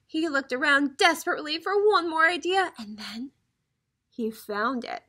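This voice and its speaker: A teacher reads a picture book aloud to young children and keeps turning to talk with them. Her voice is high and very animated, rising and falling as she tells the story. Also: normal speed. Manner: animated storybook reading, addressing kids directly.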